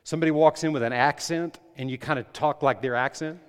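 A man's voice: a little high, quick pace, smooth. Preaching man in a reverberant church hall. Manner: emphatic, repetitive preaching with rising volume. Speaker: pastor. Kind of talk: sermon.

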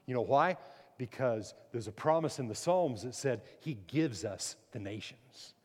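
A pastor preaching a sermon, swinging from loud emphatic peaks down to low, quiet stretches. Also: male voice, animated, moderate pace, in a large hall.

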